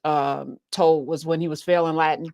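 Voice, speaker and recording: A woman's voice: sits low, steady tone, normal speed, gravelly, darkish tone, no room sound, clean studio sound. A woman co-hosting a podcast, speaking in an earnest, reflective, conversational way. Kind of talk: casual discussion.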